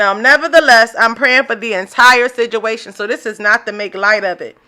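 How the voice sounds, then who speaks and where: Bright-voiced animated woman podcast host. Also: mid-range voice. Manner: animated, preachy, joking, with laughs and African American slang. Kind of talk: casual solo podcast commentary.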